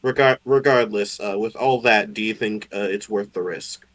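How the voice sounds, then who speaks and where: Bright-voiced hesitant male player. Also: fairly low pitch, moderate pace. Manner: hesitant, thinking aloud. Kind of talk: casual tabletop play.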